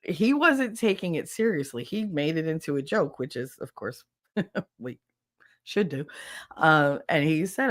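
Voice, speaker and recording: A woman hosting a podcast in casual solo chat, animated, laughing often and swearing freely. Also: low-pitched, a little slow. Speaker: podcast host.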